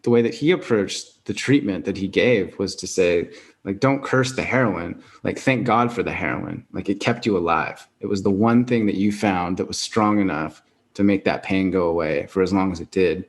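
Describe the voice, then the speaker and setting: Man, podcast host, lowish voice, reflective, measured, thoughtful. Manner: reflective and thoughtful, paraphrasing the guest. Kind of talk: conversational interview.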